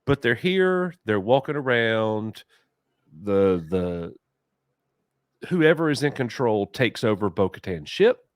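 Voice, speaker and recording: A man co-hosting a casual review chat, animated and mocking, with exaggerated reactions. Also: lowish voice, takes it slowly, no echo, clean studio sound. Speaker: co-host of a TV review show.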